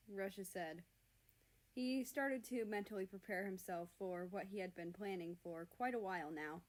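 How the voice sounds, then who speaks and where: A woman reading a fan fiction story aloud in an earnest, expressive narration. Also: medium pitch, normal speed.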